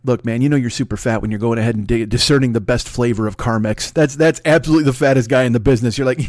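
Guy doing his podcast solo, rambling and swearing a lot, making fun of himself, talks fast, dry close mic. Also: mid-range voice, a little mellow, no room sound. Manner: rambling, profane, self-mocking, fast-talking. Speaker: podcast host.

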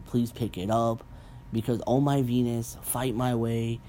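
A young man hosting a casual podcast, ranting bluntly and profanely with animated asides. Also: medium pitch, a little slow, a little hiss or hum. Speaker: podcast host. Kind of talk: casual rant.

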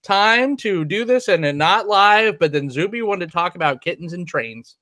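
A man's voice: sits high, animated, moderate pace, sharp tone, dry recording, studio quality. A man hosting a casual group chat, upbeat and keeping the talk moving. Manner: upbeat, steering the conversation. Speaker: podcast host.

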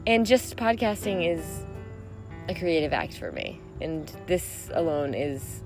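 A woman's voice: low voice, sing-song, slow pace. A woman hosting a solo podcast, talking in a rambling, reflective way and laughing often. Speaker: podcast host. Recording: music playing behind.

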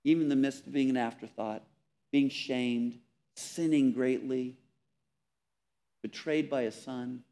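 A man preaching a sermon, earnest and emphatic, repeating words and dropping softly on key phrases. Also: medium pitch, steady tone, unhurried, long pauses. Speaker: pastor.

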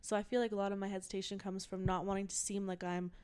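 A woman guest on a podcast in casual chat, an animated storyteller who acts out her own thoughts. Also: medium pitch, fast talker, smooth.

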